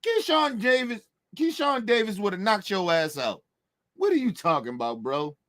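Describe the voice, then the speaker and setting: A man ranting with brash, mocking energy. His voice sits high and swings widely in pitch. He keeps hammering his points in profane, emphatic bursts. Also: big pitch swings, normal speed, fairly bright tone. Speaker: boxing commentator. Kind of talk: heated opinion rant.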